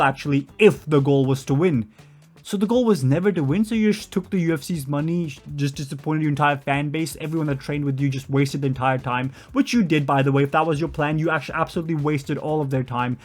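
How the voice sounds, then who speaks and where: A man's voice: a little high, animated, fast talker, faint music behind. A man giving a ranting commentary, exasperated and sarcastic, sometimes doing mocking impressions.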